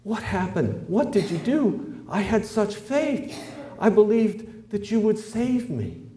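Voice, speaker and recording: A man voicing a stubborn devout man who keeps refusing rescue, shouting with an insistent, raised voice. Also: high-pitched, very animated, slow, roomy sound, voice pushed up, heavily acted, rough recording. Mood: bewildered.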